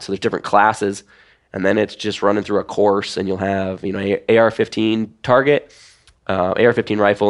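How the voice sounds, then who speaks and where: A man's voice: low-pitched, creaky. A man, a former competitive pistol shooter, explaining things step by step in casual podcast chat with lots of "like"s. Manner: relaxed, explains step by step with many "like"s.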